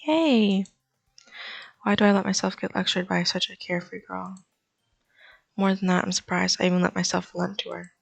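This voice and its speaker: Woman, low pitch, gravelly voice, reading game text aloud, dry wry tone. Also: monotone, quick pace. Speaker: gaming channel host. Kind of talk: reading a visual novel aloud with commentary.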